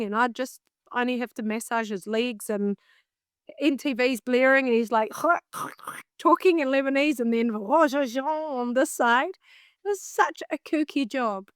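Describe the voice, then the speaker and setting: A woman with a New Zealand accent, a singer telling a story in an interview in an animated way, often laughing at herself. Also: high-pitched, a little slow, clear, resonant tone, no room sound, clean studio sound. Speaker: singer and vocal coach, guest.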